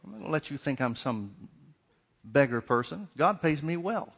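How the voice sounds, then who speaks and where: A man's voice: a little high, animated, moderate pace, vocal fry, husky. A middle-aged man preaching a sermon, asking repeated questions and acting out little dialogues. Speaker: pastor.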